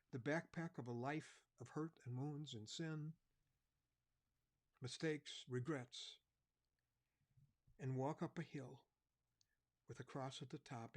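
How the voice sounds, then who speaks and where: A man preaching an evangelistic sermon, earnest, dropping to a soft, quiet voice at key points. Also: mid-range voice.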